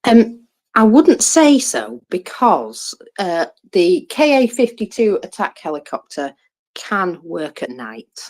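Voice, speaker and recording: A woman co-hosting an online audio chat about war news, halting with fillers and restarts, with dry sarcasm. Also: mid-range voice, big pitch swings, darkish tone. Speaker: co-host commenting on war news. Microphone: Twitter Space audio.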